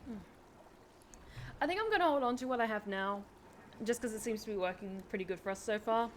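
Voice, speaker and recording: A woman streamer giving lively live gameplay commentary, reacting and reading game text aloud. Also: a little high, brisk, slight background noise.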